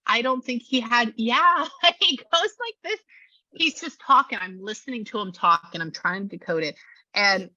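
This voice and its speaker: A woman giving a spirit reading as a psychic medium, chatty and quick, with many fillers, over a video call. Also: a little high, animated, bright, forceful tone, dry recording. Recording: dull lo-fi audio.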